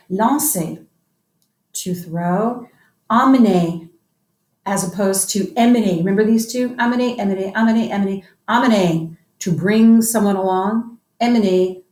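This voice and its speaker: A woman's voice: medium pitch, darkish tone. An upbeat woman teacher runs a grammar lesson, coaxing the class to answer back. Her voice sits in a middle register. The sound carries a noticeable room echo. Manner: upbeat, coaxing call-and-response drilling. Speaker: French teacher.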